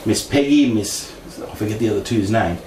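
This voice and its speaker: A middle-aged Australian telling a personal paranormal tale has a fairly low, slightly mellow voice and a moderate pace. He keeps it casual, laughing often and acting out quoted voices. Echoey room acoustics, a distant mic, and faint noise mark the recording.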